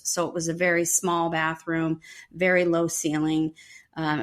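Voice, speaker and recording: Middle-aged woman, podcast co-host, animated storyteller who acts out quoted voices. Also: mid-range voice. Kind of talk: casual storytelling.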